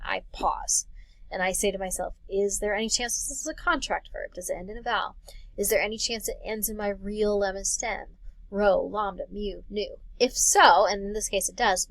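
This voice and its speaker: A woman's voice: medium pitch, vocal fry, no room sound, poor audio. A woman teacher giving a recorded class lecture in a friendly, encouraging, conversational way. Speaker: Greek teacher.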